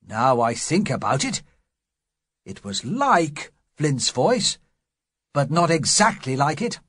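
A man's voice: on the high side, big pitch swings, slow pace, fairly bright tone, breathy edge, no room sound, studio quality, full character voice. A man voicing an uneasy pirate sailor who talks in a hesitant, musing way.

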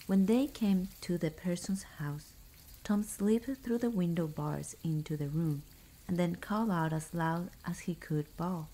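A woman reading a fairy tale aloud as a whispered ASMR bedtime story, soft and hushed. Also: lowish voice, measured pace, low-quality recording.

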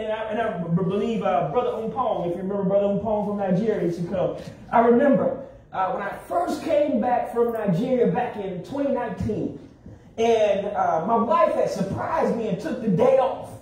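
A man preaching a sermon in a church, with call-and-response and drawn-out emphasis. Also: extremely high pitch, warm tone. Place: church sanctuary. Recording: very echoey hall, distant mic.

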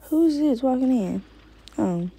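Gravelly-voiced woman narrating gameplay. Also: high voice, lively intonation, takes it slowly, dark tone, rough recording. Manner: slangy, chatty, talks to viewers. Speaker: gamer. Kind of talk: casual gameplay commentary.

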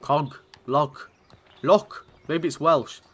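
A man's voice: on the high side, drawn-out words, husky. A man from commentating on a video game in a chatty, sweary way, often laughing. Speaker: gaming channel host.

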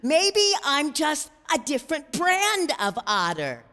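A woman's voice: high-pitched, big pitch swings, takes it slowly, a bit bright, long reverb tail, slight background noise, pitched above the performer's own voice, exaggerated voice. A woman voicing a young female platypus who is cheerful and searching for where she belongs, in a storybook reading.

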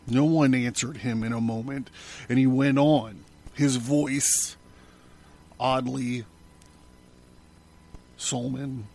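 A man, host of a podcast, narrating a novel in a measured, steady audiobook reading. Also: medium pitch.

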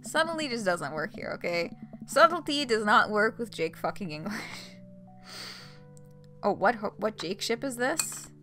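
A woman streaming a game, reading and reacting in an excitable way, swearing and laughing often. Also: medium pitch, measured pace, faint music behind. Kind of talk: gameplay commentary.

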